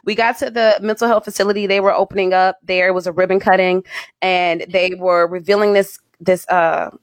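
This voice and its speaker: A woman's voice: medium pitch, steady tone, brisk, no echo. A woman who works as a radio personality tells a story dramatically in casual chat.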